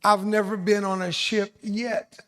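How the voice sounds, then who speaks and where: An older man in his seventies with a slightly high-pitched voice speaks to students in a school hall. He tells stories as a veteran guest and keeps slipping in self-deprecating jokes. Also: little pitch movement, a little slow, a bit bright. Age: 70s. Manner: joking, self-deprecating storyteller. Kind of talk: storytelling speech to students.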